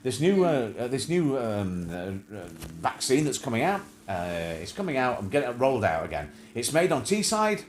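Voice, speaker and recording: A man's voice: medium pitch, big pitch swings, moderate pace, few pauses, a little hiss or hum. Guy rambling and joking on his livestream chat show, voice bouncing up and down, lots of ums. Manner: rambling, jokey, many fillers and restarts. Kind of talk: casual chat.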